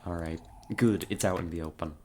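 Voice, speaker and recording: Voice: deep voice, fairly even intonation, brisk, slight background noise. A streamer giving live gameplay commentary, wry and self-mocking, muttering orders to their soldiers. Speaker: game streamer.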